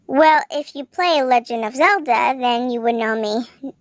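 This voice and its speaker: A woman's voice: sits high, a little slow, dry recording, clean studio sound. A woman reading a boastful game ghost. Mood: proud. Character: proud, elf-eared male game ghost. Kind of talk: fanfiction reading.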